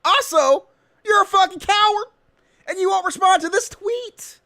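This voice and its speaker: A man's voice: very high voice, normal speed, bright, forceful tone, voice pushed up, heavily acted. A man mockingly reading out an angry online rant in a shrieking, exaggerated voice. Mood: shrill mocking. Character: shrill whiny man raging online.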